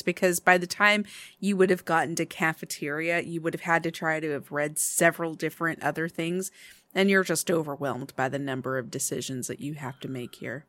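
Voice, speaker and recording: A woman narrating a tabletop role-playing game as game master, describing scenes slowly. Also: low voice, fairly even intonation, fairly bright tone, dry recording. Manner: slow, descriptive narration with laughs.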